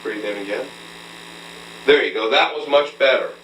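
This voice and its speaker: In a room with a mirror, a male vocal coach takes a beginner singer through hands-on breathing work, speaking at a moderate pace in a mid-range, slightly bright voice. Patient and instructive, he keeps asking "okay?". It sounds like old tape: roomy, distant, with a faint hum.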